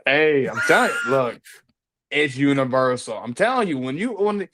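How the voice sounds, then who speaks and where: A man's voice: medium pitch, lively intonation, normal speed, background noise. A man co-hosting a casual wrestling podcast. He sounds hyped and emphatic and repeats lines for effect. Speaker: podcast co-host.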